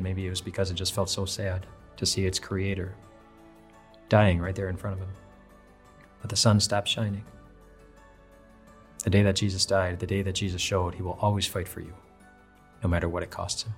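A man with a fairly low voice preaches a daily devotional in an earnest, conversational way. He often restarts his phrases as he goes. Soft music plays faintly behind him. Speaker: pastor. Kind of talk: devotional sermon.

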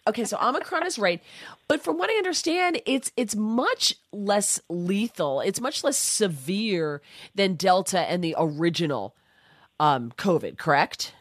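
A woman's voice: mid-range voice, sing-song, measured pace, no echo. A woman hosting a talk radio show while nursing a cold, chatty and given to restarting her sentences. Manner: warm, chatty, self-correcting. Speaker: guest radio host.

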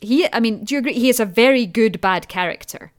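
A woman's voice: fairly high pitch, quick pace. A Scottish woman talking casually as a podcast guest. She rambles a little, circling back and restarting her sentences. She laughs easily as she goes. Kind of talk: casual chat.

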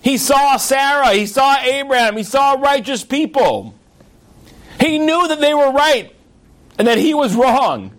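A man teaching a Torah lesson as a rabbi, telling stories in an animated way and acting out the characters. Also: extremely high pitch. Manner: animated storyteller, acts out the characters.

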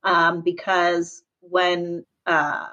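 A woman's voice: fairly low pitch, flat delivery, very slow, sharp tone, low-quality recording. A young woman, a public school teacher, answering interview questions casually with lots of fillers and frequent laughter. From Southern California. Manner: chatty, laughs often, many fillers.

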